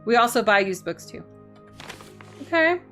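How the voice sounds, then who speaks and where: Bright, playful woman streamer. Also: fairly high pitch, big pitch swings, a little slow, faint music behind. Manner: playful, silly, chats to viewers, giggles. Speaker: game streamer. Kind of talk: casual gaming stream chat.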